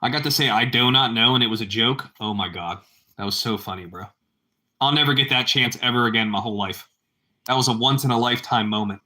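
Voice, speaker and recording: A man's voice: medium pitch, fast talker, pushed and bright. A man chatting casually with his livestream viewers, rambling and repeating himself, and calling them bro. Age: adult parent. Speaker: livestream host.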